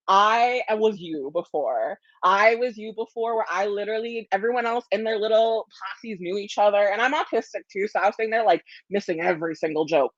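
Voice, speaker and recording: A woman's voice: medium pitch, no room sound, lo-fi sound. A woman juror giving an emotional farewell speech over a video call, effusive and laughing, cursing freely, a little stoned. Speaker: jury member.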